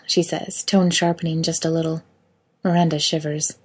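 A woman reading an intimate audio story as narrator, softly and slowly. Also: deep voice, little pitch movement, breathy edge.

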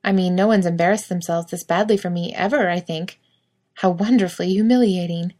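A woman's voice: fairly low pitch, a little fast, a little mellow, natural voice. Woman reading as young man, playful, teasing, affectionate, wry, audiobook character.

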